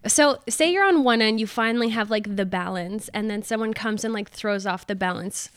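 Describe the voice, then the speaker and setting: Woman, podcast guest, giggly, rambling, mid-pitched, dry studio sound. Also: moderate pace, smooth, dry recording. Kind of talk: casual chat.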